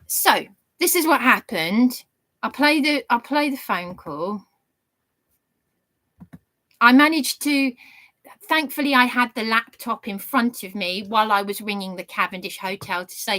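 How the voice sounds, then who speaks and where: A woman's voice: on the high side, measured pace, sharp tone. A woman vlogger telling an aggrieved story to her viewers in an indignant, rambling way. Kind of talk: aggrieved monologue to camera.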